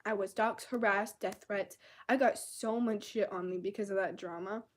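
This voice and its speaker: A woman's voice: medium pitch, steady tone, normal speed. A young woman ranting angrily and with lots of swearing in a casual vlog, exasperated and fed up. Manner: angry, profane, exasperated.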